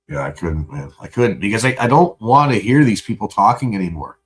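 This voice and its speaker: A man venting in a profane, angry livestream rant, buzzed and high. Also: big pitch swings, brisk, hardly any pauses.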